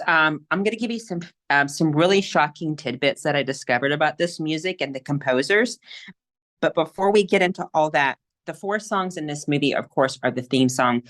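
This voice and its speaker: A woman with a low voice and a Southern US accent leads a casual podcast chat. She rambles happily through her points with plenty of fillers and gushes over what she loves. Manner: enthusiastic, gushing, rambling with fillers. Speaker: podcast host.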